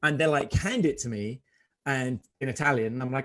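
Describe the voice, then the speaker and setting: A man on a video call with a medium-pitched voice, chatting loosely and laughing easily as he wanders through a story. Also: brisk. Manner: laughs easily, rambling anecdotes. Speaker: guest. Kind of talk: casual chat.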